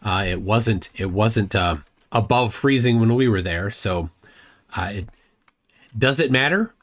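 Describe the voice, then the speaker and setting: A man's voice: lowish voice, unhurried. A man hosting a live reaction stream, reading chat comments aloud and mocking the clip with sarcastic asides. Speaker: livestream host reacting to a video.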